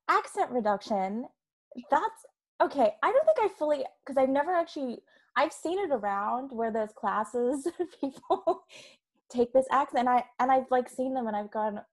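A woman's voice: high-pitched, animated, moderate pace. An Australian woman hosting a podcast, chatty and rambling, often breaking into laughter. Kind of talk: podcast conversation.

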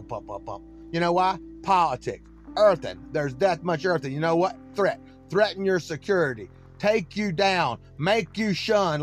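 A man with a high voice delivers a rambling sermon, confronting and challenging his listeners. Faint music plays softly behind his voice. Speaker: self-styled preacher. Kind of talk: ranting sermon monologue.

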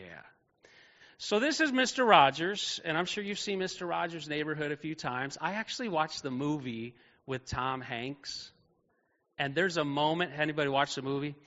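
A man's voice: on the high side, sharp tone, in a large hall, lo-fi sound. A man preaching a sermon as pastor, talking conversationally and asking the congregation questions. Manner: conversational, asks the audience questions. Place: church auditorium.

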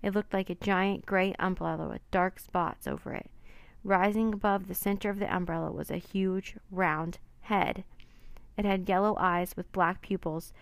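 A woman reading a children's adventure book aloud with expressive, dramatic narration. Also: mid-range voice, normal speed, dry recording. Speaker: storyteller.

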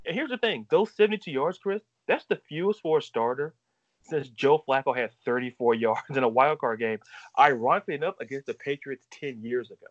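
A man hosting a sports talk show, emphatic and quick with statistics. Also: mid-range voice, expressive, no echo, muffled recording. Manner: emphatic, rapid-fire stats.

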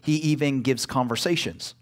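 A male pastor preaching a sermon in church, emphatic, pausing for call-and-response asides. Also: medium pitch.

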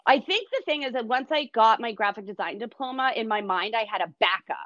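A middle-aged woman from Canada, a stand-up comedian, telling stories in casual chat with a lively, self-deprecating manner. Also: on the high side, fairly quick, dry recording, lo-fi sound.

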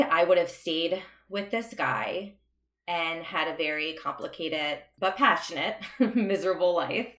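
A woman's voice: on the low side, fairly bright tone. A young adult woman telling her own story as a podcast guest, earnest and reflective, laughing now and then between remarks. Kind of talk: candid personal storytelling. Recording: roomy echo.

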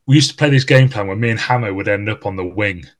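A man's voice: fairly low pitch, fast. A man hosting a podcast, reminiscing in casual chat with a former teammate, rambling and laughing often as he talks.

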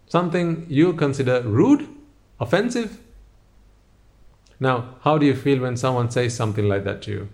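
A man in a motivational talk who keeps turning to the listener with pointed rhetorical questions. His pitch sits in an ordinary middle range for a man. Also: expressive, normal speed, long pauses, darkish tone. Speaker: speaker addressing listeners.

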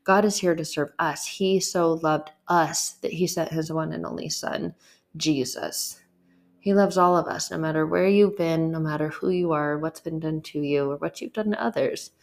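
Earnest gravelly-voiced woman podcast host. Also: low voice, fairly even intonation, moderate pace. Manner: earnest, conversational, repetitive and emphatic. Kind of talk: faith talk monologue.

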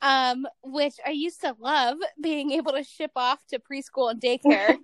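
Woman, 30s, high and bright-toned, chatty host, dry close mic. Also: steady tone, a little slow, no echo. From East Coast / Midwest United States. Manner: chatty, says "like" often, laughs easily. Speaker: podcast host. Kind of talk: casual chat.

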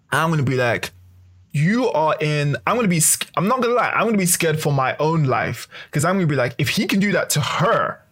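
A man in casual chat, talking through a hypothetical with lots of swearing and restarts. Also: on the high side. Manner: animated, swearing, rambling hypotheticals.

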